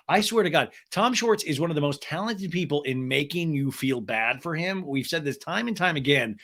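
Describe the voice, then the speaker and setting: A man hosts a podcast, chatting casually about pop culture in a fairly high voice at a moderate pace. He's chatty and animated, laughing and putting on silly voices for quotes.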